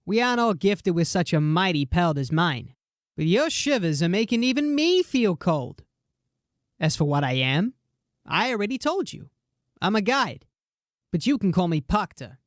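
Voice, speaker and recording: A woman voicing a small, yellow-furred male creature guide in an audiobook, talking softly and musingly in a teasing way. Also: sing-song, normal speed, dry recording, studio quality. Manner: soft, musing, with swooping pitch. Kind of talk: audiobook character voice.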